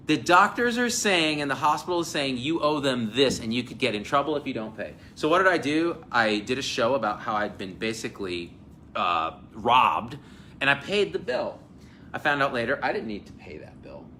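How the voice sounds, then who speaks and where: A man in his forties from New Jersey, hosting an energetic live chat at a hotel event and telling stories with acted-out quotes. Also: mid-range voice, normal speed, a little hiss or hum. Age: 40s. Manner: animated, storytelling, acts out quotes. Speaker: host. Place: hotel event space with crowd.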